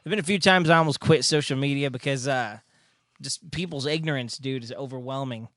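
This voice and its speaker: A man with a mid-range, fairly bright voice co-hosts a podcast, speaking a little fast in a laid-back, slangy casual chat. The recording is studio quality with no room sound.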